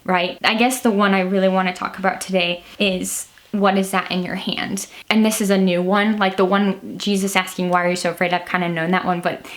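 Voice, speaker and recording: A woman's voice: medium pitch, level tone, brisk, hardly any pauses. Young midwestern woman rambling through bible thoughts, lots of "like", medium voice. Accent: Midwestern American. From Illinois. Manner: chatty, rambling, many "like" fillers. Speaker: teacher sharing Bible reflections. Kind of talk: casual devotional vlog talk.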